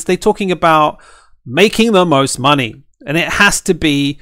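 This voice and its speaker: A man with a high, lively voice that leaps around as he rants through a reaction stream. He keeps checking in with "right?" and sounds close and dry, with no room around him. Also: moderate pace, smooth, dry recording. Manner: animated, ranting, keeps asking "right?". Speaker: streamer and fighting game caster. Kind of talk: ranting reaction stream chat.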